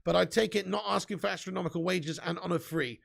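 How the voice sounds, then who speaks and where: A man's voice: high voice, fast talker, gravelly, fairly bright tone. A young man hosting a live stream, chatting casually with his viewers and bantering, swearing and laughing often.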